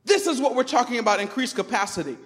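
High-voiced preacher man in a reverberant church. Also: animated, quick pace. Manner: emphatic preaching, swinging from loud proclamations to quiet asides. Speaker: pastor. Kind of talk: sermon. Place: church sanctuary.

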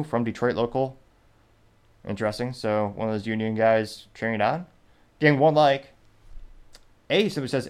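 A man's voice: medium pitch, normal speed, long pauses, a little mellow. Wry man reading news commentary. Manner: wry, offhand, with frequent restarts. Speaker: show host. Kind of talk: casual commentary, reading quotes aloud.

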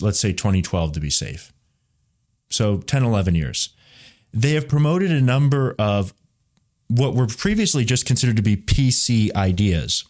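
Male podcast host, very low voice, rambling off-the-cuff commentary. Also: a little mellow. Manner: rambling, frequent restarts and filler. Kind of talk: solo political commentary.

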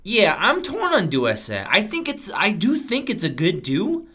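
A man's voice: sits high, huge pitch swings, normal speed, bright, forceful tone, slightly rough. A young man co-hosting a casual podcast, playful and hesitant, often correcting himself. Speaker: podcast co-host.

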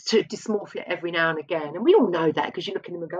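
A woman's voice: fairly low pitch, very fast, husky, highs cut off. A woman speaking as an interview guest, open and reflective, often restarting her sentences. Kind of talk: candid conversational interview.

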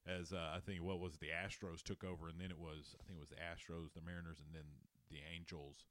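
A man with a fairly low voice hosts a loose, casual sports podcast. He rambles, swears freely and breaks into laughter. The sound is dry and close to the mic. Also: flat delivery, fast, fairly bright tone, dry recording. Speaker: podcast host.

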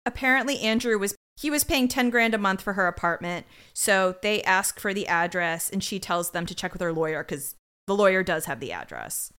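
A woman's voice: mid-range voice, animated, fairly quick, a bit bright, clean tone. A woman co-hosting a casual podcast, recapping a TV episode with incredulous exclamations and frequent laughter. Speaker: podcast co-host.

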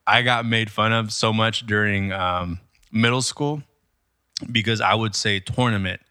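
A man's voice: fairly low pitch, a little slow, pushed and bright, clean tone, no room sound, clean studio sound. A man in casual chat telling rambling anecdotes with heavy swearing.

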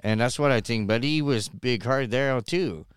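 A man with a very clean, smooth voice gives emphatic, swearing reactions in a loose podcast chat. He sits at a middle pitch. The sound is dry and close. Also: normal speed, no room sound.

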